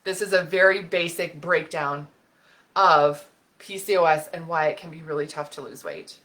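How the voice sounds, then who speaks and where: A woman health expert giving an animated talk on camera, getting fired up and laughing as she explains while sketching on a board. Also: sits low, moderate pace. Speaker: women's health and hormone expert. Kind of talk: educational video talk.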